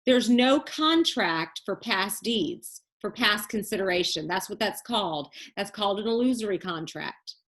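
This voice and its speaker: Lively, joking woman giving a class lecture. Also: mid-range voice, unhurried, few pauses. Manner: lively, joking, teasing students; casual and colloquial. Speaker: business law instructor.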